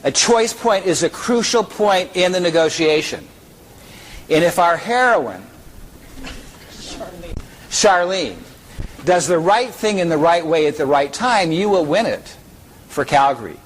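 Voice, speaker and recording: A man's voice: on the high side, measured pace, pauses often, slight background noise, low-quality recording. A man giving a conference keynote, joking and bringing audience members up to act out a story. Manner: lively, joking, pulls audience members on stage. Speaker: keynote speaker.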